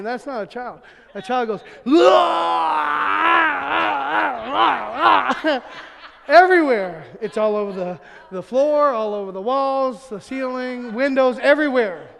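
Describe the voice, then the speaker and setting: A man preaching a humorous sermon, telling family stories, acting out quotes and laughing often. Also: extremely high pitch. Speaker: pastor. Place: church sanctuary. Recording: long hall reverb.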